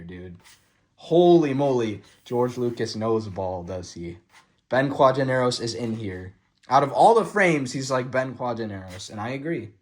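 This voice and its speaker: A young man giving casual, excited commentary on film stills, swearing freely and full of fillers and restarts. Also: medium pitch. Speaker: vlogger reviewing a film photo book. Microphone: phone.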